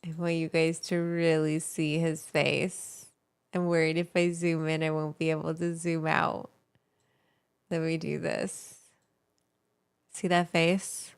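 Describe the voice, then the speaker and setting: A woman's voice: low voice, little pitch movement, slow, long pauses, clear, resonant tone, no echo. A woman hosting a livestream, reacting to clips in loose, giggly casual chat and swearing freely. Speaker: livestream host. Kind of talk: casual live reaction commentary.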